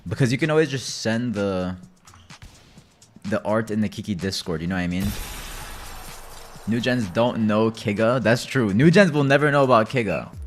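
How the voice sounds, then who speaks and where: A man streaming a game from home, chatting loosely with viewers, swearing freely and swinging between low mutters and loud rants. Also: moderate pace, pauses often, soft background music. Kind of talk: casual live-stream chat while gaming.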